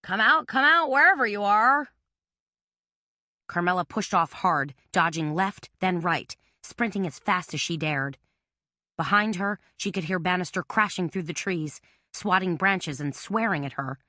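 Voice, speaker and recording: A woman narrating a mystery audiobook in a steady, tense storytelling manner. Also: fairly low pitch, moderate pace, dry recording, clean studio sound. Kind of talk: scripted narration.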